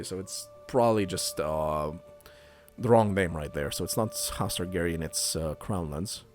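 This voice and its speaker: A man giving casual let's play commentary, chatty and thinking aloud while he plays. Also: lowish voice. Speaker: gaming youtuber.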